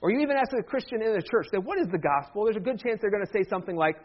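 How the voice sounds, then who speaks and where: Male pastor, high voice, easygoing sermon delivery with playful asides, muffled lo-fi church recording. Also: animated, racing, hardly any pauses. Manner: conversational, joking asides.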